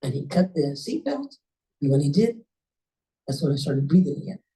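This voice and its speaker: A woman at a club meeting telling a personal story in a lively, conversational way, often jumping up in pitch for emphasis. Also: moderate pace, slight background noise. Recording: voice a bit distant from the mic.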